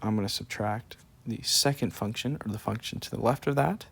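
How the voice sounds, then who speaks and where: A math teacher's medium-pitched voice comes across brisk and creaky with a breathy edge. Sleepy and yawning, he casually explains each calculus step as he writes it out for a screen-recorded lesson.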